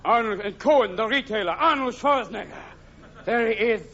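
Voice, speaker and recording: A man performing high-energy stand-up comedy, switching between impressions and shouted bits. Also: a little fast. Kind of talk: stand-up comedy with rapid character voices. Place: large live theater with audience. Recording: dull live 1983 recording with loud crowd.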